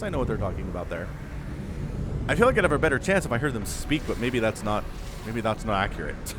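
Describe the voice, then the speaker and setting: A man casting a strategy game match solo, chatty and analytical, often rambling off topic. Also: medium pitch. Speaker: esports caster.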